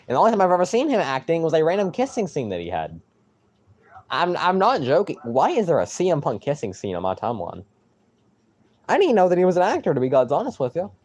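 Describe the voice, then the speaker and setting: A young man streaming live, rambling excitedly and with mild swearing as he reacts to a football game. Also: on the high side, fast.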